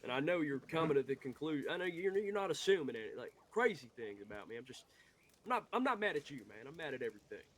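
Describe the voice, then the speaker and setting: A man's voice: a little high, sing-song, fast talker. A man voicing a hot-headed young Western outlaw who rambles, swears and talks in heated bursts. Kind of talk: Western role-play.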